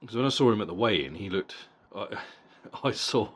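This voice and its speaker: A man's voice: fairly low pitch, expressive, moderate pace, husky. A middle-aged man giving a casual, blunt boxing fight review, swearing freely and often repeating words as he goes. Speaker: boxing vlogger.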